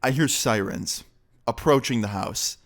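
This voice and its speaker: Speaking a little slowly in a medium-pitched voice, a young man shares a personal story on his YouTube channel. The storytime vlog is casual and full of slang and swearing.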